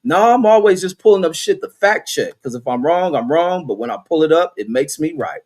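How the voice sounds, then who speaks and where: A man's voice: a little high, lively intonation, a little fast, darkish tone. Profane laughing man reading stream chat. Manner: profane, laughing, reads chat comments aloud. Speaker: livestream host reading chat. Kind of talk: casual livestream commentary.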